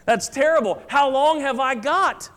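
A frantic patient begs his doctor again and again, as a preacher acts him out, his voice pushed up high and loud. The pleading comes in short, repeated bursts. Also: unhurried. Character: desperate middle-aged man pleading with doctor.

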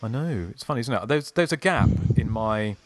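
A man's voice: mid-range voice, expressive, normal speed. A man hosting a podcast, chatting casually and reading listener emails aloud. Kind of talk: casual chat.

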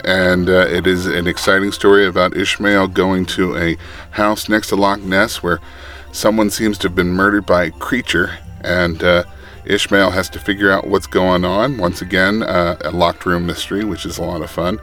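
Low-voiced man in halting casual chat. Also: level tone, fairly bright tone, soft background music. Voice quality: halting, many fillers and restarts. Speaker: audiobook producer.

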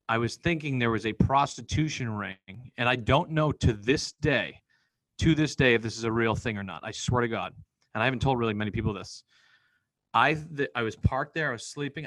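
A man from Boston, a podcast guest, telling a personal story in a blunt, profane, animated way and acting out what people said. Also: medium pitch, no room sound. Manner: blunt, profane, animated retelling with acted-out quotes.

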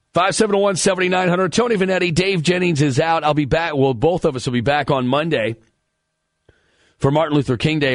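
A man hosts a sports talk radio show in a chatty, animated way, with a mid-range voice. He is close on a dry studio mic, and he jokes about his co-host between sports takes. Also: medium pitch, no echo.

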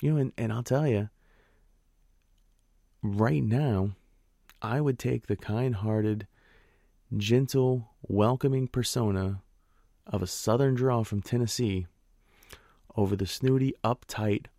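A man's voice: medium pitch, slow, long pauses, mellow, no room sound, clean studio sound. A man from the northern United States hosting a political podcast, delivering an emphatic, indignant monologue with sarcastic asides. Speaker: podcast host.

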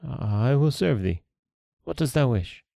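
A man voicing a kind young prince in a folktale reading, speaking gently in an old-fashioned way. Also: fairly low pitch, moderate pace, clear, resonant tone, no echo, studio quality, natural voice. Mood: trembling.

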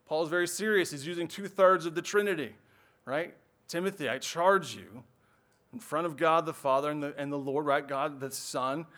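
A man's voice: on the high side, fairly bright tone. A man preaching as a pastor in a church, earnest and explanatory, often checking in with "right?". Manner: earnest preaching, frequent "right?" tag questions. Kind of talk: sermon.

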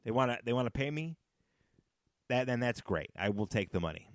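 A chatty, rambling podcast host talks alone on a casual show, often laughing at his own jokes and repeating phrases for emphasis. His medium-pitched male voice is animated and a little fast, with no room sound.

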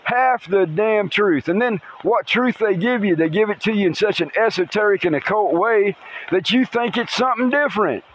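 A man with a notably high voice hosts his podcast while standing outdoors in a rainstorm. He rambles excitedly and swears casually. Faint rain and river ambience sits under his voice. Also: moderate pace, slight background noise, poor audio. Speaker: podcast host.

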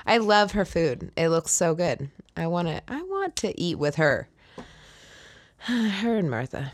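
Animated, giggly woman chatting. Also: fairly low pitch, moderate pace, dry recording. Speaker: podcast co-host. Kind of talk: casual chat.

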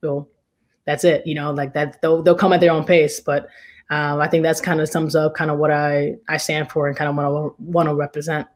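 A woman's voice: low-pitched, level tone, brisk. A young woman, a basketball player, telling a story as an interview guest in a rambling, casual way, full of "like" and "you know".

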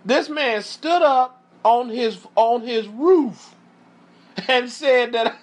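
A man preaching a sermon, emphatic and repetitive, often pausing to tell his listeners to watch closely. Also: very high-pitched.

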